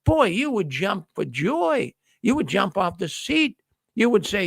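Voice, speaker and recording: A middle-aged man with a strongly gravelly, fry-laden voice that sits fairly high for a man. He speaks to his viewers like a folksy storyteller and acts out the dialogue he quotes. The sound is dry and close, with no room around it. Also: sing-song, measured pace, no room sound. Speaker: host of a news livestream. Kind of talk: casual monologue to viewers.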